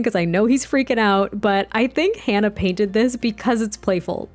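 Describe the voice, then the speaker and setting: A woman's voice: mid-range voice, moderate pace, soft background music. A woman hosting a let's play, chatting and giggling as she narrates a life-sim game story. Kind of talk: casual game commentary and storytelling.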